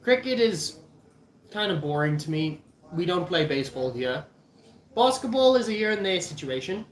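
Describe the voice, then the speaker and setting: A man's voice: high voice, big pitch swings, normal speed. A young man in his twenties with a South African accent, chatting casually to camera in a rambling, jokey way with lots of restarts. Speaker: vlogger. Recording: echoey room.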